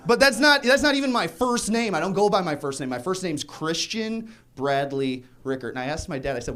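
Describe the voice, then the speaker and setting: A man's voice: on the high side, sing-song, fairly quick, bright, forceful tone. A young man doing a stand-up set in a comedy club, self-deprecating and rambling, chuckling between jokes.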